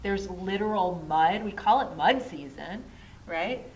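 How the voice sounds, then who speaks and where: A woman's voice: fairly low pitch, expressive, unhurried, a little hiss or hum, rough recording. A woman teaching a casual Ayurveda class at a yoga studio. She talks in a chatty way, keeps asking "right?" and laughs at herself.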